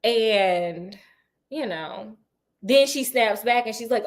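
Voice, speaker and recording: Woman, book recap host; playful, animated storyteller with a slightly higher voice. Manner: animated, acts out characters' lines in quick asides; playful and sassy.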